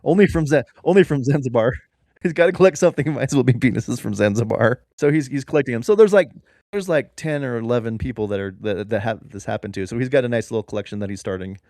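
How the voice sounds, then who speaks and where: A man co-hosting a comedy podcast, rambling through an absurd improvised story in a deadpan way. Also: mid-range voice, quick pace, no room sound, studio quality. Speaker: podcast co-host.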